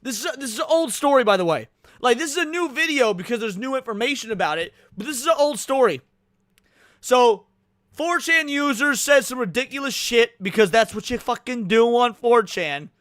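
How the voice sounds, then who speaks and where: A man hosts a livestream with loose, profane commentary, stretching words out for effect. His voice sits very high for a man and sounds sharp and bright. The sound is dry and close. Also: no room sound. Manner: profane, excitable, drawn-out for emphasis. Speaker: livestream host.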